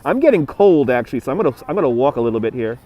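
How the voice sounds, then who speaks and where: Racing along in a warm, sing-song, medium-pitched voice, this Brooklyn livestream host is outside beside a city river with his phone on a gimbal. Chatting casually, he reads out messages from viewers and thanks those who donate.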